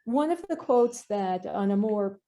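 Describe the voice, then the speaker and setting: A woman's voice: mid-range voice, measured pace. A woman in her fifties, a film director chatting as a podcast guest, telling stories with lots of fillers. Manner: animated storyteller, many fillers. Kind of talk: casual interview chat.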